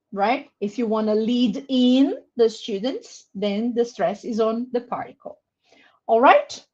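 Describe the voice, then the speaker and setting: A Brazilian-accented woman runs a live online webinar for teachers, speaking slowly and deliberately. Her voice sits a little high, and she praises participants by name as she goes. The audio is muffled and lo-fi, like a video call. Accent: Brazilian Portuguese. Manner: encouraging, reads out names from chat; slow, careful word-by-word explanation. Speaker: webinar presenter for English teachers.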